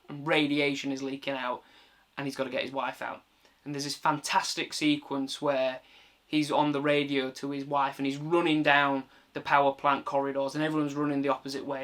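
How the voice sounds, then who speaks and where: A man's voice: medium pitch, a bit bright. A man giving a casual film review, recounting the plot in a chatty way and swearing freely.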